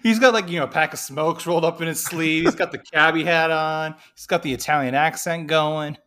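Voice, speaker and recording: A man's voice: on the high side, fairly even intonation, brisk, bright, forceful tone. A man co-hosting a podcast, chiming in with joking, wry asides during a casual movie recap. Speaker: podcast co-host.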